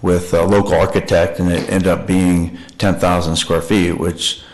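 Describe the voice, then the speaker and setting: Deep-voiced, deferential man at a hearing. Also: little pitch movement, normal speed. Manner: agreeable and deferential, with frequent restarts. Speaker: property owner applying for a land-use change. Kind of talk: testimony at a public meeting.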